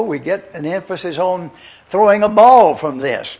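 An older male pastor delivers a teaching sermon, pausing to spell out words letter by letter. His voice sits high and sounds husky. The recording is dull and lo-fi. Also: darkish tone. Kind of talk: expository sermon.

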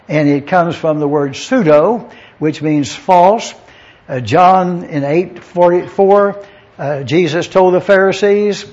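Man, preacher, Bible-study sermon, methodical, slightly high voice, dull lo-fi sound. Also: a little slow, darkish tone. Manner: methodical, spells out Greek words letter by letter.

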